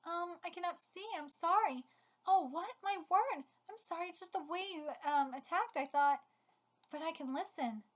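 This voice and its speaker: A woman reading the lines of a kind, calm blind nun, soft and polite. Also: very high voice, moderate pace, voice pushed up. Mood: gentle.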